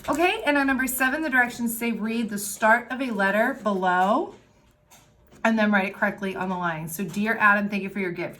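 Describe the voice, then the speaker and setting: A woman teacher giving a recorded lesson to young children, explaining worksheets step by step in a clear, patient way. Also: fairly high pitch, fairly bright tone, a little hiss or hum. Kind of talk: recorded remote class lesson.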